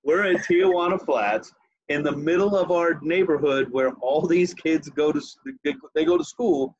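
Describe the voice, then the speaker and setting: A man's voice: a little high, normal speed, husky, no echo, muffled recording. A man hosting a podcast, telling a long story in casual chat with laughs. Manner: animated, laughs while telling stories. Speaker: podcast host.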